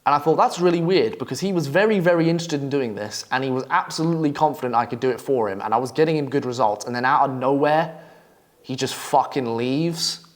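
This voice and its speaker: A man's voice: mid-range voice, fast. A brash young man coaching copywriters, telling stories in a blunt, swearing monologue. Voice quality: brash, swearing, storytelling delivery. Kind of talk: profane, blunt advice monologue.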